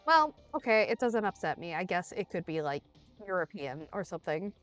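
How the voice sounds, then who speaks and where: A young woman streams a game under the weather, rambling in a playful, casual way. Her pitch swings widely, jumping to sudden loud bursts. Soft music plays faintly behind her. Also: very animated, brisk.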